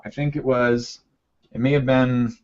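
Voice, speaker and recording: A man's voice: medium pitch, little pitch movement, unhurried, muffled recording. A man coaching a live online class, teaching a listening technique in a conversational way and often checking in with "right?". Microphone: computer mic on a video call.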